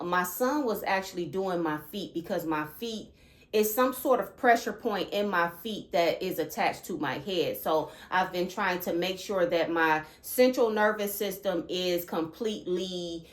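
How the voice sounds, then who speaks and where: A woman hosting her own channel, talking earnestly about spiritual experiences and often checking in with listeners by asking "okay?". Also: fairly low pitch. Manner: animated and emphatic when recounting disturbing thoughts. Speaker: channel host. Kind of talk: earnest spiritual vlog talk.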